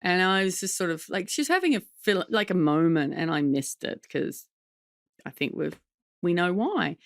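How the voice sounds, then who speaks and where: A woman talks through a candid podcast conversation as a comedian guest. Her voice has a gravelly, fry-edged texture. She tells stories with a lot of life and slides into quick impressions of the people she quotes. The sound is dry and close, with no room around her. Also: fairly low pitch, no echo. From Australia. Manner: lively storytelling, slips into impressions of others.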